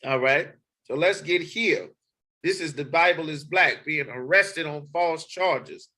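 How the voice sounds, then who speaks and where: Man, high pitch, sharp tone, forceful sermon, repetitive emphasis. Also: unhurried, poor audio. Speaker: street preacher. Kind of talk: sermon with scripture reading.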